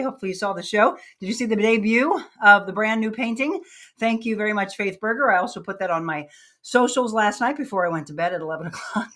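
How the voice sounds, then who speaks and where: A chatty, upbeat woman hosts a live workout stream, talking to her viewers between exercises. She counts the reps aloud and encourages the people following along. Her pitch sits in a middle range for a woman. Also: a bit bright. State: out of breath. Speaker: fitness show host.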